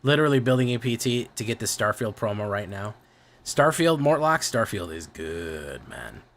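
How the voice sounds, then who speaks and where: A young man with a Midwest American accent chats casually on a game stream, his voice fairly low and very animated at a moderate pace. He rambles and swears freely, often restarting and correcting his sentences.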